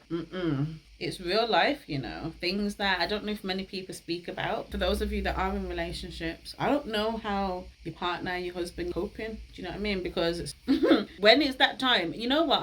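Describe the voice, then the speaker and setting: A woman's voice: lowish voice, a bit bright, a little hiss or hum, low-quality recording. Chatty, laughing woman. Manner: chatty, laughs often, uses slang like "yo" and "innit". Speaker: host. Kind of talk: casual talk to camera.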